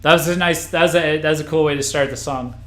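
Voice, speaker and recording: A man's voice: a little high, steady tone, quick pace, a bit bright, soft background music. Rambling man reacting live, roomy sound. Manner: rambling, restarts often, chatty reactions. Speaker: podcast host. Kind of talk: live listening reaction stream.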